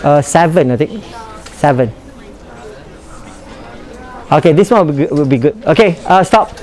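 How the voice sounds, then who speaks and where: A man's voice: on the high side, normal speed. A man from Malaysia with a British-leaning English accent, teaching an English workshop and demonstrating intonation. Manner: animated, demonstrative, mixes in Malay phrases. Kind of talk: classroom lesson on pronunciation. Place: workshop classroom.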